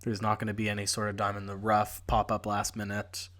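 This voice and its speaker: A man's voice: on the low side, completely flat delivery, a bit bright. A man co-hosting a casual sports podcast, joking around and laughing often with his co-host. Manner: playful, laughs often, quick asides.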